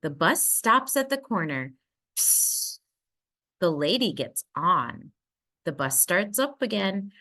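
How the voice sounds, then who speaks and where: Woman storyteller for a kids' read-aloud: unhurried, very animated delivery, plays up every sound word. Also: lowish voice. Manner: expressive, voices the sound words playfully. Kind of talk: children's picture book read-aloud.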